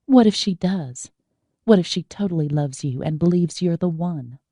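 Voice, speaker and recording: A woman's voice: expressive, moderate pace, mellow, no room sound, studio quality. A woman voicing an outspoken, exasperated young woman who makes indignant demands in an audiobook. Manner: indignant, demanding, shrill peaks.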